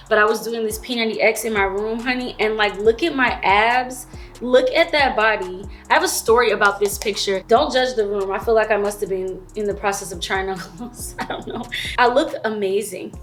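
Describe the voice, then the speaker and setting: A woman's voice: medium pitch, a bit bright. A woman in her thirties telling her own story in a candid, chatty vlog, with slangy asides to the viewer. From Florida. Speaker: vlogger.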